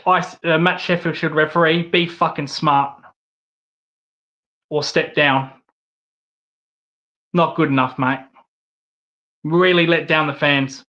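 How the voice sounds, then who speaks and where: It's an angry rant vlog from an Australian-accented man hosting his own channel, full of profanity and repeated phrases. He speaks a little high with a sharp tone, and the highs are cut off.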